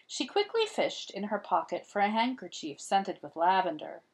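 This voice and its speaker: A woman reading a children's picture book aloud as an expressive storyteller. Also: mid-range voice, normal speed, husky. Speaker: storybook reader.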